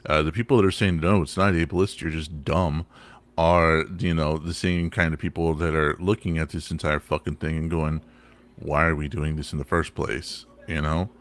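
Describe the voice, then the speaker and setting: Deep-ish voiced guy on a podcast, swearing, tripping over his words a bit. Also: moderate pace. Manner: animated, swears, stammers on restarts. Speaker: podcast co-host. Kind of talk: casual profane chat.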